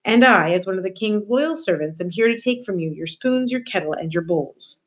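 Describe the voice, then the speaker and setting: A woman voicing a stiff, dutiful male soldier of the king who speaks formally and shouts to be heard. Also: mid-range voice, animated, moderate pace, rough recording. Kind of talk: storybook reading.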